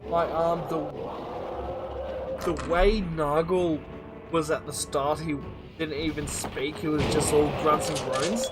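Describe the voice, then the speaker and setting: A man's voice: a little high, fairly even intonation, takes it slowly, over loud music, rough recording. A man chatting casually on a stream, hesitant and full of ums. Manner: hesitant, with many ums and short agreements. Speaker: co-streamer and player.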